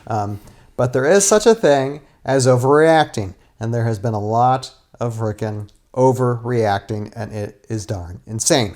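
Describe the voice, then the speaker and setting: A man's voice: medium pitch, a little slow, darkish tone. A man, a guest and stop-motion animator, chatting casually indoors, rambling with lots of restarts and little rants. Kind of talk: casual chat. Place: indoors, sitting on a futon.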